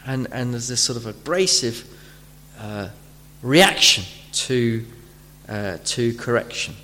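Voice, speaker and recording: A man preaching a sermon, often pausing and repeating words as he searches for phrasing, and acting out imagined speakers as he teaches. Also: mid-range voice, expressive, pushed and bright. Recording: long hall reverb.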